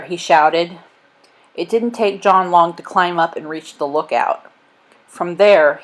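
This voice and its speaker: A woman narrating a chapter book aloud in a steady, expressive reading voice. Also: lowish voice, rough recording. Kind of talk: storybook read-aloud.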